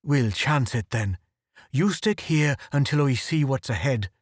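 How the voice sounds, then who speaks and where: A man reading a storybook audiobook, voicing a big, gruff, brash male photographer with a blunt manner. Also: medium pitch, expressive, measured pace, no room sound, studio quality.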